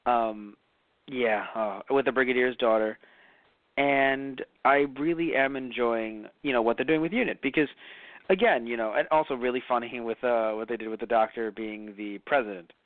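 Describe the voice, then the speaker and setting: A man chatting casually as a podcast co-host, rambling through his points with animated swings. His voice sits mid-range. It comes through dry and tinny, like a phone line. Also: medium pitch, moderate pace, no echo. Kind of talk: casual review chat.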